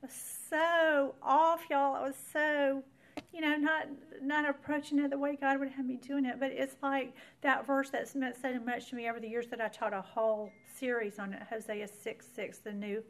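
A woman with a high voice that barely moves in pitch speaks at a moderate pace. As a Bible teacher, she earnestly shares a personal faith testimony, addressing her audience directly as a storyteller.

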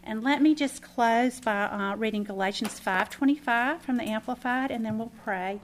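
A woman's voice: fairly high pitch, moderate pace, few pauses. Chatty woman teaching Bible study. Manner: animated, chatty storytelling with asides. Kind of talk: personal testimony and prayer.

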